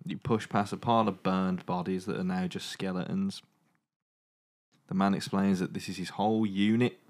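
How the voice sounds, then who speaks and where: A man's voice: low voice, little pitch movement, moderate pace. A man hosting a comedy podcast, reading a choose-your-own-adventure story aloud with dramatic narration broken by jokes.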